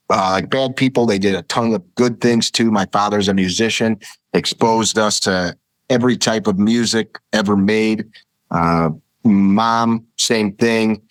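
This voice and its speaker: A man's voice: fairly low pitch, no room sound. A man, a podcast guest, telling rambling, vivid stories in casual conversation. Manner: rambling, vivid anecdotes with acted-out quotes. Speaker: podcast guest, firearms instructor.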